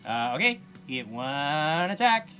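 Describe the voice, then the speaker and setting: Gm guy calling rolls n rules, bright voice, lively pitch, bit of music behind. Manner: quick, rules-focused calls. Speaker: game master. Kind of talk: narrating a tabletop game.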